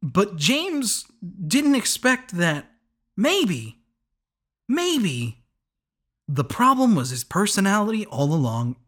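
A man's voice: sits high, a bit bright. A young man hosting a podcast, rambling through a casual recap with lots of chuckles, restarts and asides. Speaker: podcast host.

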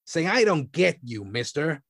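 Man voicing a sneering tough guy: nasal, high, snarls and threatens. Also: sing-song, measured pace, gravelly, a bit bright, breathy edge, dry recording, studio quality, heavily acted. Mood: snarling.

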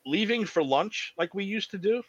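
A man's voice: high-pitched, lively intonation, normal speed, breathy edge, no echo, muffled recording. A man, co-hosting a podcast in blunt, casual chat with a lot of cursing. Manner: blunt, heavy cursing, storytelling. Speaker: podcast co-host.

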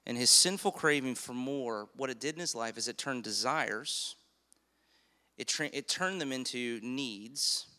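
A man preaching a sermon as pastor, emphatic, slowing down on key phrases and asking the congregation questions. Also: mid-range voice, bright, forceful tone, clear, resonant tone, big-room sound.

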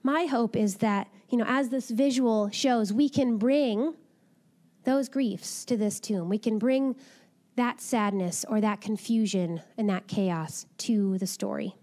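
A woman giving a gentle, reflective devotional talk and reading a children's Bible story aloud. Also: on the high side, takes it slowly. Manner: gentle, reflective, soft-spoken.

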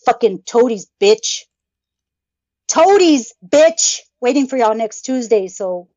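Brief: higher-pitched woman co-host, cusses nonstop in mock-angry rants, dry dull lo-fi recording. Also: normal speed, mellow, no echo. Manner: swears constantly, mock-angry ranting. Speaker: podcast co-host. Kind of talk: profane casual podcast chat. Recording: dull lo-fi sound.

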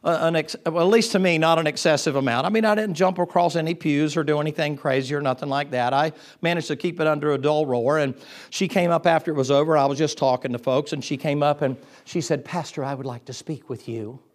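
A man preaching a sermon as pastor, swinging from low confiding tones to loud, excited bursts and restarting his sentences. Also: fast.

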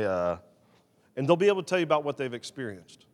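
A man preaching a sermon as pastor, animated, swinging between loud emphasis and quiet, confessional asides. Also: medium pitch, fast talker, big-room sound.

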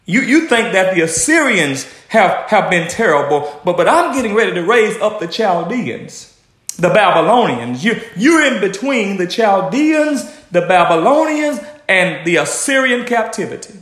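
A man delivers a sermon with a high, swooping voice that climbs and falls as he preaches. He repeats phrases in a rhythmic build and acts out quoted lines. The sound rings through a reverberant church room. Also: moderate pace. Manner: animated, rhythmic preaching with repetitions and acted quotations.

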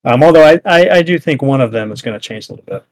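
A man's voice: medium pitch, animated, very fast, dry recording. Man, podcast co-host, casual rambling chat, filler-heavy, dry close sound. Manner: rambling, full of fillers and restarts.

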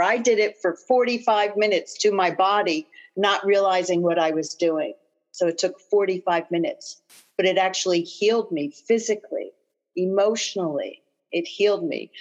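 Earnest woman coach on dull lo-fi audio. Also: fairly low pitch. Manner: slow, earnest repetition of phrases. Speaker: guest coach and author. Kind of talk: guided affirmations and personal storytelling.

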